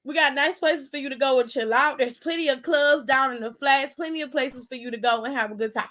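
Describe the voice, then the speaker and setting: A woman from Cleveland, hosting a wrestling aftershow in casual chat that is animated and profane, full of mock outrage. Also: high-pitched, a little fast. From Cleveland, Ohio.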